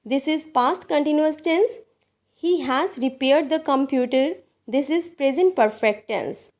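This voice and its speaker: A woman teaching grammar in a recorded lesson, speaking deliberately and addressing her viewers as dear students. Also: high-pitched, darkish tone. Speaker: English teacher.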